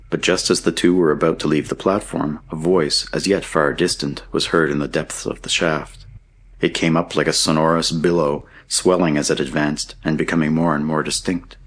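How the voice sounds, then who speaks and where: A man narrating an audiobook in a steady, measured reading. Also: extremely low pitch, husky. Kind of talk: scripted narration.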